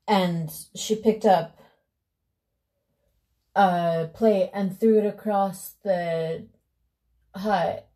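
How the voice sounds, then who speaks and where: A woman vlogger telling a fairy tale casually while doing her makeup, with loose, unhurried asides. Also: mid-range voice, steady tone, dark tone. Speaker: beauty vlogger.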